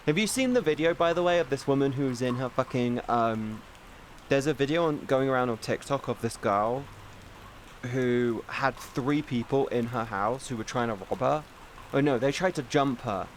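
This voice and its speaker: Male streamer, mid-pitched, loose and profane, faint patter behind. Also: moderate pace, slight background noise. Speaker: live streamer. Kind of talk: casual stream chat.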